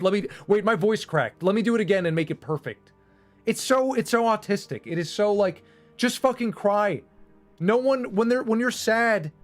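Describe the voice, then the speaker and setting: A man streaming and going off on a casual, profane, emphatic rant. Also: high-pitched. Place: home streaming setup.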